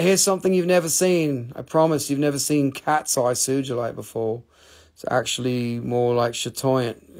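A man hosting a live sales stream, chatty, profane and excitable, his voice getting scratchy after hours of talking. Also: mid-range voice, vocal fry. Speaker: host selling rocks and gems on a live stream.

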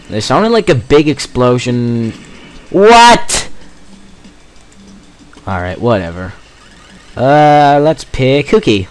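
Lively teenage boy gaming commentator. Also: mid-range voice. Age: teens. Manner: rambling, jokey, self-mocking asides. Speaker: let's play gamer. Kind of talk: gameplay commentary.

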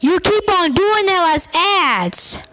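A woman giving casual gameplay reaction commentary, excitable and blunt, scolding the game and breaking into shouts. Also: very high-pitched, slow, slight background noise. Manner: excitable, bursts into shouts and gasps.

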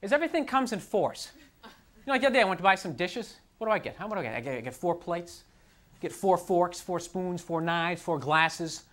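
In a brisk, high voice with lively intonation and a fairly bright tone, a young comedian rants on a TV studio stage, frustrated and poking fun at himself, peppering everything with "like" and "you know." The audience is live, and the 1990s broadcast is full of their laughter and noise.

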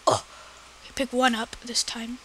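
A woman giving excitable let's play commentary, often yelling at the game. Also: fairly high pitch, slow, a little hiss or hum. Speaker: gamer. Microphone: personal computer mic.

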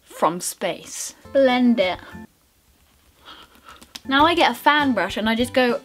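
A woman's voice: fairly high pitch, animated, slow pace, a bit bright, soft background music. A young woman talking through her makeup routine in a bubbly, rambling, self-mocking way. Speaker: beauty vlogger. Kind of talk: casual makeup tutorial chat.

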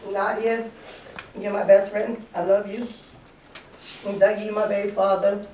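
A woman's voice: medium pitch, little pitch movement, measured pace. A woman speaking at a funeral, plain and heartfelt. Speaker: daughter giving a eulogy. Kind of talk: emotional funeral speech. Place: funeral gathering indoors. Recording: distant, roomy, muffled and noisy.

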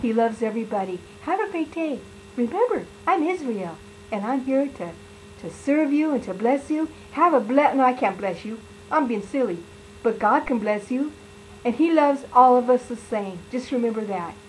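Woman playing a playful high-voiced preaching lion. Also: animated, moderate pace, slight background noise, natural voice, low-quality recording. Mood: gentle. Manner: playful, sing-song, exaggerated. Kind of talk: children's sermon in character.

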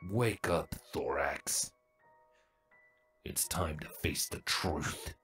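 A man voicing a harsh older male changeling drone, with a sneering, gruff and clipped delivery in a storybook reading. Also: rumbling low, very slow, a bit bright, soft background music, voice pushed down, full character voice. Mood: menacing.

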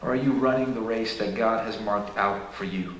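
A man's voice: fairly low pitch, normal speed, a bit bright, a little hiss or hum. A man pastor preaching a sermon with impassioned, rising exhortations. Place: church sanctuary. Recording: echoey church hall.

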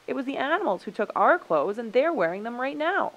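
A stubborn, squabbling band of people from a children's tale, voiced by a woman, shouting louder and higher than the storyteller with a lively pitch. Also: fairly quick, lo-fi sound. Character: quarrelsome group of human beings.

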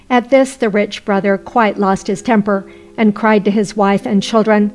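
A woman narrating a folk tale audiobook in a steady storytelling voice. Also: medium pitch, normal speed, hardly any pauses, soft background music.

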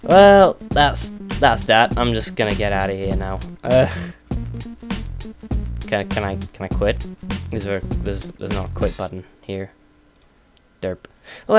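A young British man casually commentating a game he is playing, excitable and self-mocking, blurting out swears. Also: lowish voice. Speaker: let's play gamer. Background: game music.

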